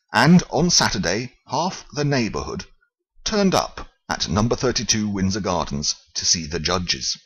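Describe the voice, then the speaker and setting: A man reading a children's story aloud, halting at times and explaining old-fashioned words. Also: on the low side, fairly bright tone, slightly rough, highs cut off. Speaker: reader.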